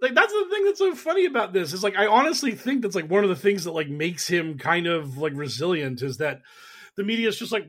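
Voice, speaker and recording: A man talking politics on a panel, animated and mocking, often putting on sarcastic voices and swearing. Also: sits high, brisk, slightly rough. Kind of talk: casual political discussion.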